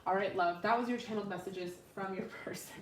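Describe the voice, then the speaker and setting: A woman's voice: medium pitch, a little hiss or hum. A woman giving a live tarot reading with channeled messages, talking casually and frankly, swearing freely and laughing often. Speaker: tarot reader.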